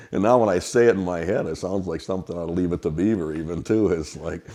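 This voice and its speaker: Low-voiced middle-aged man telling stories. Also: fast talker. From Wisconsin, USA. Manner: relaxed, rambling anecdotes. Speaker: restaurant kitchen worker. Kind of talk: storytelling interview.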